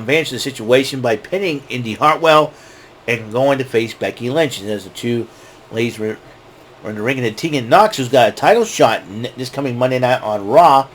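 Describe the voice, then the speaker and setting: Rambling, excitable male recap host. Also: mid-range voice, a little hiss or hum. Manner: rambling and excitable, restarting sentences. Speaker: show host. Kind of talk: casual wrestling recap.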